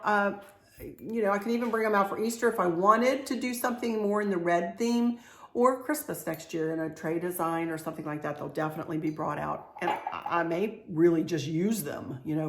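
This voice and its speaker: A woman's voice: on the low side, fairly even intonation, normal speed, a bit bright. A middle-aged woman, talking through a home decor haul in a chatty, confiding way. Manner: chatty, confiding, laughs often. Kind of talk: casual show-and-tell haul video.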